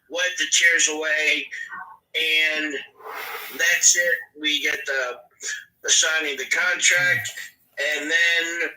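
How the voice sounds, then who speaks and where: A man's voice: on the high side, fairly even intonation, slow pace, bright, forceful tone, reverberant, far from the mic, poor audio. A man hosting a podcast, recapping events in a casual, rambling way with plenty of fillers. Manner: rambling, filler-heavy storytelling. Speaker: podcast host.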